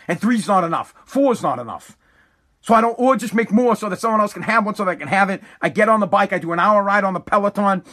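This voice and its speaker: A middle-aged man telling a profane, comedic rant about his family eating his food, animated and building to shouts. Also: sits high, fast talker.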